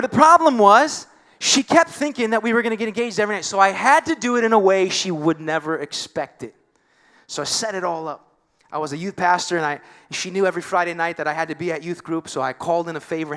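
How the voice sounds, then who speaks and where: Man, pastor, high voice, animated sermon storytelling, acts out voices.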